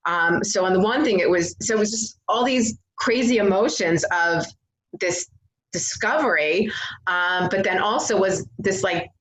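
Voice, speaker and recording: A woman's voice: fairly low pitch, moderate pace, a little hiss or hum. Earnest woman telling her story, roomy sound. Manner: earnest, animated retelling with frequent fillers. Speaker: interview guest sharing her recovery story. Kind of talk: candid personal storytelling. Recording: echoey room.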